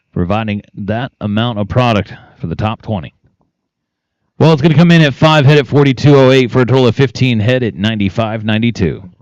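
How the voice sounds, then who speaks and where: A man's voice: medium pitch, darkish tone, no echo, muffled recording. A man announcing a team penning competition, calling out teams, times and cattle numbers. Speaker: arena announcer. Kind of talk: live event announcing.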